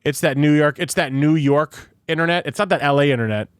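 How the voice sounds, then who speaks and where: A man's voice: a little high, brisk, clean tone, no room sound. A young man hosting a podcast in casual chat, rambling and swearing, recorded on a studio microphone. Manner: swearing, rambling, laughs often. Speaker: podcast host.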